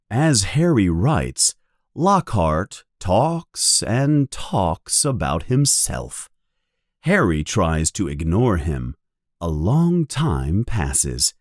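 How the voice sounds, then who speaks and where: Brief: male narrator, deliberate and clear, dry close recording. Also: medium pitch, dry recording. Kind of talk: slow simplified story reading.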